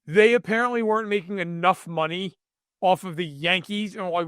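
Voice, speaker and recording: High-pitched guy on a sports podcast, fired-up mock-outrage rant, dry close sound. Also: a little fast, clean tone, dry recording. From New York state. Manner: animated ranting, mock-outraged. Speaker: podcast co-host. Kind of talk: casual sports chat.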